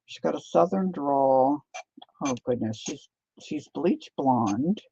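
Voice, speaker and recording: A woman's voice: rumbling low, expressive, slow pace, mellow, slightly rough. A middle-aged woman chatting casually with viewers while she paints, greeting them by name and laughing often. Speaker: artist livestreaming her painting. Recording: slightly dull lo-fi sound.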